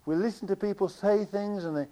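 A man preaching a sermon with passion, repeating phrases and swinging between loud declarations and quiet asides. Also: sits high, fairly quick.

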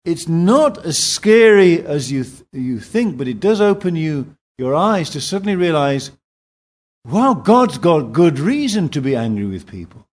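A man preaching a sermon at a church in Singapore, slow and emphatic. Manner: slow, emphatic preaching with lively pitch swings.

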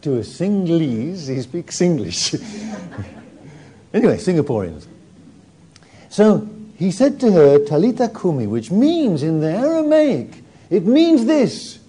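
A man preaching a sermon, retelling the story with animated energy and warm humour. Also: high-pitched, a little slow, husky.

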